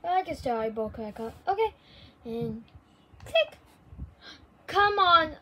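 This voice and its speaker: Very high, excitable woman playing a game. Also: takes it slowly, pauses often, poor audio. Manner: excitable, swings from hushed murmurs to squealing shouts. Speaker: game player. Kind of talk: playful game narration.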